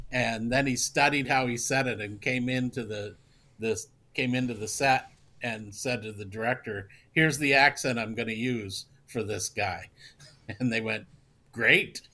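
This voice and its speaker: A man's voice: medium pitch, sharp tone. A man guesting on a podcast, telling behind-the-scenes stories in an explanatory, storytelling way. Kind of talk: casual chat, anecdotes.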